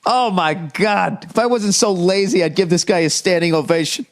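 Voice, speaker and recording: A man's voice: high voice, normal speed. A man in his forties with an American accent, riffing profanely through a comedic podcast monologue and reading aloud with mock outrage. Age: 40s. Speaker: podcast host.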